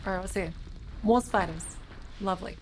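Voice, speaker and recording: Woman gaming on stream, mid pitch, kinda strained voice, lots of stuttery repeats, noisy hiss behind her. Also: moderate pace. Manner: chatty, reactive, stammers and repeats words. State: slightly strained voice. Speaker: game streamer. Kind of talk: casual live gameplay commentary.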